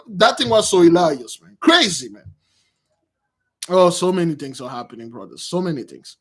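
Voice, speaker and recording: A man hosting casual religious commentary on news stories, rambling and animated, calling his listeners brothers. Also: a little high, moderate pace, breathy edge. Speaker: channel host.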